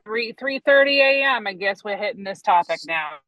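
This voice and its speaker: A woman's voice: medium pitch, animated, moderate pace, a bit bright, highs cut off. A woman co-hosting a podcast in casual chat, talking frankly about parenting and dropping dry, wry asides. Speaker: podcast co-host.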